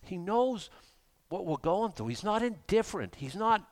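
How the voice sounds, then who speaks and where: Man preaching, sermon, animated swings from hushed to loud, fairly high voice, very lively pitch. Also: moderate pace.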